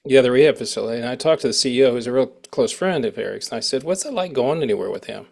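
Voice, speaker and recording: A man's voice: medium pitch, very fast, vocal fry, darkish tone. A man hosting a casual interview who rambles and breaks off mid-sentence, restarting his thoughts. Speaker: interview host.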